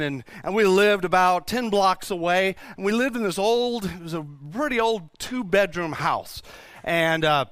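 A man's voice: high voice, a bit bright, dry recording, studio quality. A male pastor from Texas preaching a sermon in church, emphatic, asking rhetorical questions and often restarting his sentences.

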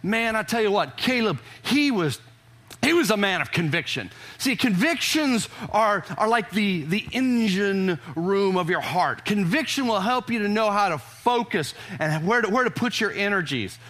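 A man's voice: high-pitched, expressive, normal speed, a bit bright. A man preaching a sermon to his congregation in an emphatic, conversational way, often restarting his phrases. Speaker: pastor. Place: church service before a congregation.

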